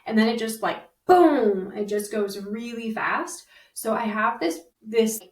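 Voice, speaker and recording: A young woman co-hosting a podcast, talking in an animated, chatty way with plenty of fillers. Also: a little high, measured pace. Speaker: podcast co-host. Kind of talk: casual chat. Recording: roomy, slightly distant mic.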